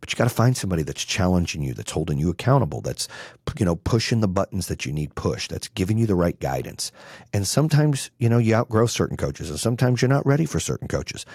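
Man, 40s, business coach, profane and blunt, slightly low and husky, dry close sound. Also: sing-song, fast talker, darkish tone, no echo. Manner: brash, blunt and swearing. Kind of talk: profane motivational talk.

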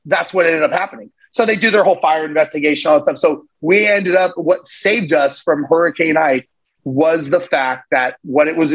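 A man guest on a podcast, telling a story in a casual, animated way and acting out the voices of the people in it. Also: on the high side, slightly rough, low-quality recording. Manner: animated, acts out voices in his stories. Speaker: podcast guest, real estate investor.

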